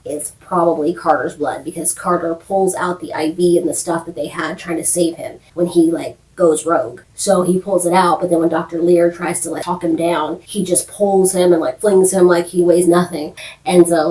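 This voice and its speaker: A woman hosting a casual TV recap on her channel, telling the story in a lively way and often laughing as she acts out the characters. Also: lowish voice, recorded from a distance, rough recording. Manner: animated storytelling, quotes characters, frequent laughs. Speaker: YouTube show recap host.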